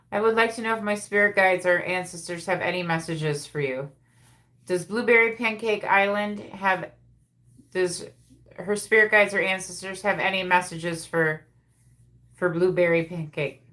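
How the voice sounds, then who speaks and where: A woman's voice: lowish voice, measured pace, a bit bright. A woman hosting a live psychic reading stream, relaying messages and repeating phrases as they come through.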